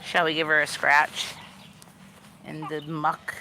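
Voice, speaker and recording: Low-pitched and flat, a young woman speaks slowly with long pauses over a noisy background. Giving a backyard tour as a vlogger, she rambles casually, leans heavily on "like" and "you know," and frequently chats with her animals outside.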